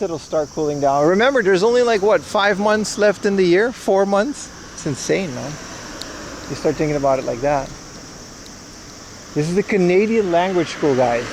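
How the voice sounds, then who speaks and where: An expressive young man with a high voice livestreams as he walks through town streets, unhurried and pausing often. His casual chat with viewers is joking, wry, and rambling, with slight background noise.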